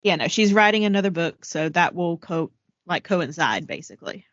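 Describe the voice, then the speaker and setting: A woman with a mid-range voice chats in a relaxed, matter-of-fact way as a podcast co-host. Her mic sounds dry and close, with a slightly dull, lo-fi tone. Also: fairly low pitch, normal speed, no echo. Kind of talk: casual chat.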